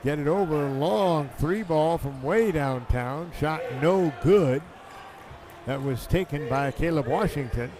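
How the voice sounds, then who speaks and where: A man calling a basketball game play by play, excitable and quick in bursts. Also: a little high, crowd noise. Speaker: play-by-play announcer. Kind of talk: live basketball commentary.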